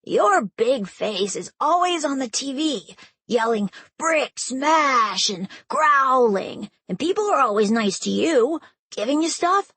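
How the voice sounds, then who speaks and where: A woman voicing a rowdy seven-year-old boy who shouts and whines. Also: high-pitched, animated, slow, husky, dry recording, voice pushed up, full character voice. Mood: whiny. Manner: loud, shouty, whiny.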